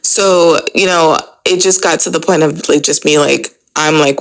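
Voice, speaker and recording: A woman's voice: low-pitched, steady tone, normal speed, hardly any pauses, poor audio. A woman hosting a podcast, telling a personal story in a casual, chatty way, full of "like" and "you know". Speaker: podcast host.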